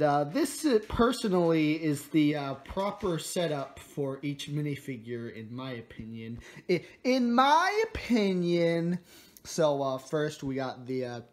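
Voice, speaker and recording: A man's voice: on the high side, darkish tone. A teenage boy reviewing a building toy set in a jokey, rambling way, recorded on a phone at home. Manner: rambling, jokey, drops into mumbles. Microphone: phone camera.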